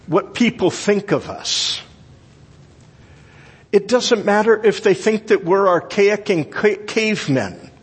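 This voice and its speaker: An older man preaching a sermon, teaching deliberately and emphatically, with grammar asides. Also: high-pitched, breathy edge, in a large hall.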